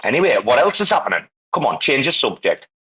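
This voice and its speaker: A man's voice: mid-range voice, very animated, quick pace, sharp tone, breathy edge, highs cut off. Sweary man hosting a chat. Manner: sweary, rambling, laughs a lot. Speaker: podcast host. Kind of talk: casual online voice chat. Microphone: online audio chat.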